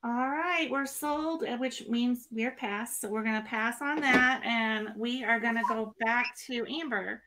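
A woman co-hosts a live-stream auction and calls on bidders with friendly, teasing remarks. Her voice is high and bright, and she speaks at a relaxed, slow pace.

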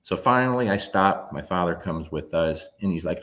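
Blunt low-voiced man in his fifties. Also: big pitch swings, normal speed, few pauses, a bit bright. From New Jersey. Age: 50s. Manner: blunt, emphatic, swears freely. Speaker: dog trainer. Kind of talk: casual storytelling monologue.

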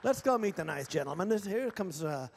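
A man's voice: high voice, sing-song, a little fast, a little hiss or hum. A man hosting a ventriloquist stage show, folksy and teasing as he coaxes audience volunteers. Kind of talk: live stage comedy banter. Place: large theatre stage with audience.

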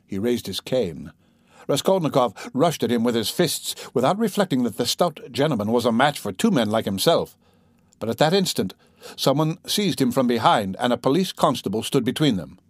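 A man's voice: mid-range voice, big pitch swings, moderate pace, no room sound, studio quality. Man narrating a classic novel. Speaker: audiobook narrator.

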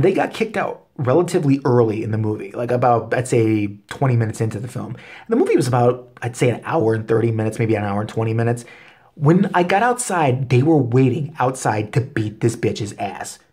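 A man's voice: mid-range voice, a little mellow, slightly rough. A man telling an angry story as a vlog rant, cursing constantly and getting worked up. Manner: angry, expletive-heavy storytelling. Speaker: vlogger. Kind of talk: profane comedic rant.

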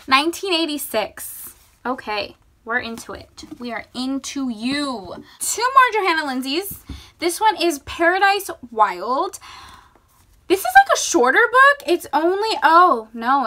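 A woman's voice: sits high, sing-song, measured pace, sharp tone. A young woman vlogging casually about books, gushing and chatty as she shows what she bought. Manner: bubbly, gushing. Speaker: book vlogger. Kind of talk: casual vlog chat.

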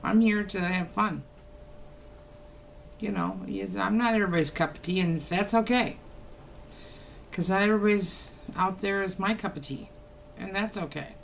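A woman's voice: mid-range voice, moderate pace, gravelly, long pauses, slight background noise. An older woman, chatting casually to camera at home in a teasing, folksy way. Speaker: haul vlogger. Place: home, indoors.

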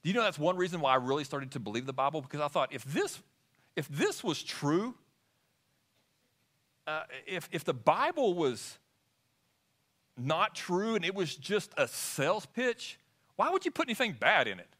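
A man preaching to his congregation, keeping them involved with question after question. His voice sits high and bright, and it rises and falls widely as he goes. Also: big pitch swings, moderate pace, pauses often. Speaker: pastor. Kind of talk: sermon. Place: church sanctuary.

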